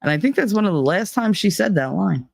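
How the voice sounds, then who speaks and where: A woman's voice: medium pitch, animated, fast, creaky, a little mellow, no echo. Woman in her thirties, blunt and swearing, casual home vlog, dry close sound. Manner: blunt, profane, laughs often. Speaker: channel host. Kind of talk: casual chat. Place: home room with heater.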